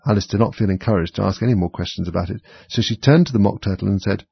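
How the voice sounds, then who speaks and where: A man narrates a storybook in a low, husky, gravelly voice, steady and even. The recording is dry and dull. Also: quick pace, hardly any pauses, dry recording. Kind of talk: storybook reading.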